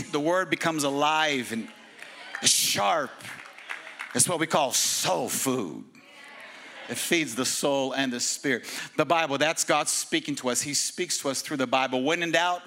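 A male pastor preaching an energetic, casual sermon with slang and humor at a church service. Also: on the high side, moderate pace.

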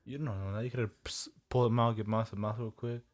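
Ein junger Mann im lockeren Gespräch, der neckt und Witze reißt. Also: male voice, on the low side, fairly even intonation, fast talker. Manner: teasing, joking banter. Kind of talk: casual chat.

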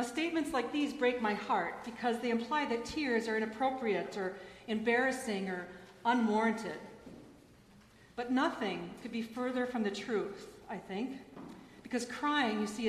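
A woman pastor and chaplain giving a gentle, earnest sermon after a gospel reading in a church. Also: fairly high pitch, normal speed, slight background noise. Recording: echoey church hall.

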